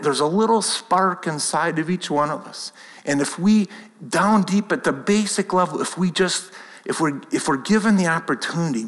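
A man's voice: on the high side, fairly bright tone. Man preaching in a reverberant hall. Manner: earnest, conversational preaching with repeated restarts. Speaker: pastor. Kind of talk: sermon.

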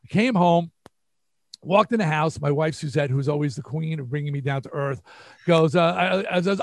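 A man's voice: a little high, normal speed, no room sound, clean studio sound. An older man with a New York accent, telling stories as an interview guest and acting out what people said. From New York area. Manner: animated, acts out quotes. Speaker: guest musician. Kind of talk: storytelling interview.

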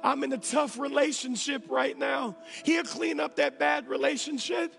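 A man preaches in a high, gravelly voice, driving home his points in repeated phrases. He drops to near-whispers and then climbs to shouts. The sound rings with the long reverb of a church hall, with faint music underneath. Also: steady tone, moderate pace. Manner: swings between hushed whispers and shouting; emphatic, repetitive preaching cadence. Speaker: pastor. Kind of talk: sermon.

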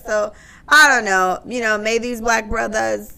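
A woman's voice: fairly high pitch, steady tone, a little slow, gravelly, bright, forceful tone, clean tone. A woman co-hosting a casual podcast, talking bluntly and profanely and giving strong opinions. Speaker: podcast co-host.

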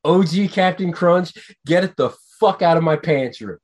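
A man co-hosting a podcast in casual chat, ranting with profanity and getting animated. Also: fairly high pitch, normal speed. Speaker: podcast co-host.

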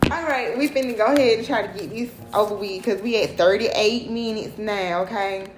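A woman's voice: mid-range voice, normal speed. A woman gives a casual spiritual tarot reading, blunt, preachy and full of swearing. She hammers her points home with "okay?" and "period." Her voice rings in a reverberant room over a faint hiss of noise. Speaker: tarot reader addressing her followers.

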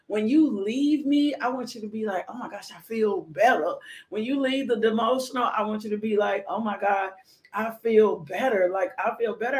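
Playful woman devotional host, live-stream chat, echoey room, laughs a lot. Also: on the high side. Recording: roomy echo.

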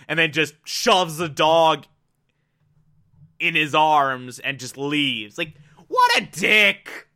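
A man giving a casual, excitable episode recap, with lots of "like" and "uh" and some swearing. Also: on the high side, takes it slowly, raised voice. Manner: excitable, profane, filler-heavy.

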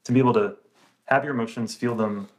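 A man's voice: mid-range voice, steady tone, fast. A man hosting a podcast in casual conversation, affirming his guest and reflecting his points back. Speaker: podcast host.

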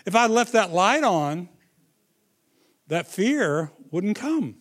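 A middle-aged man preaching a sermon, telling stories with dramatic swings between loud and hushed delivery. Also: sits high, sing-song, slow pace.

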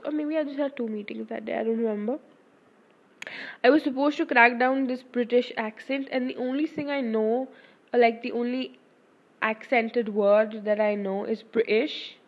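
Rambling young woman, slightly high voice. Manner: rambling, fast, with frequent fillers and self-corrections; frank, swears casually. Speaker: student. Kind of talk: casual storytelling. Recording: dull lo-fi recording.

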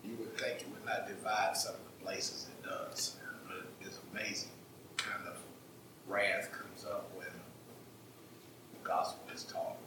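Low-voiced man asking questions from afar. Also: little pitch movement, unhurried. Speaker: class member asking questions. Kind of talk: classroom discussion. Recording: distant, echoey room with noise.

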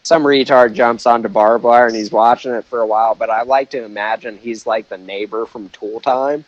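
A man's voice: mid-range voice, steady tone, moderate pace, no echo, muffled recording. A man co-hosting a podcast, talking casually in crude, joking banter and laughing often. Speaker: podcast co-host. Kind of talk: casual chat.

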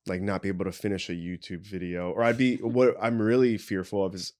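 A man's voice: deep voice, fairly even intonation, brisk, a little mellow. A man chatting casually as a podcast guest, rambling and self-deprecating, with lots of "like". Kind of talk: casual chat.

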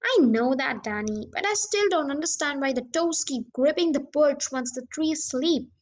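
A woman reading a storybook aloud, voicing an excitable middle-aged father who often speaks up in a raised, eager voice. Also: sits high, moderate pace. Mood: puzzled.

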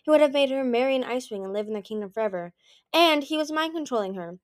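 A huge ancient male dragon, read by a woman, smooth, sure of himself and quick to persuade. He talks breezily, with a slightly raised pitch and a cross edge. This is storybook dragon talk. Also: expressive, dry recording, clean studio sound.

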